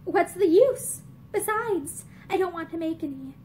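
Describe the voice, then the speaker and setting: A woman reading aloud voices a tired, bitter young woman who speaks low and haltingly. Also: lively intonation, warm tone, slight background noise. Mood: weary.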